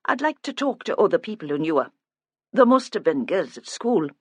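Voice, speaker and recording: An audiobook narrator voicing a blunt, middle-aged woman police inspector who talks directly and deliberately. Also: mid-range voice, big pitch swings, husky, dry recording. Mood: coaxing.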